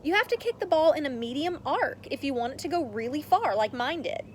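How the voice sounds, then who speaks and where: A woman's voice: high-pitched, animated, fairly quick, a little hiss or hum, voice pushed up. A woman voicing an eager young boy who loves experiments, reading a storybook aloud. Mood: earnest. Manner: earnest, eager. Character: earnest nerdy young boy scientist.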